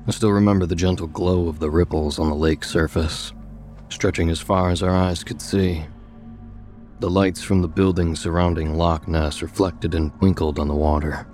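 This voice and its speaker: A male storyteller with an extremely deep, low voice, reading a first-person tale in a steady, measured way. Soft music plays faintly underneath. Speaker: narrator. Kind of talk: scripted story narration.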